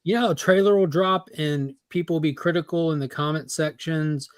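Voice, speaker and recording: A man on a pop culture talk panel, opinionated and quick to argue his point in casual chat. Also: fairly high pitch, steady tone, no echo.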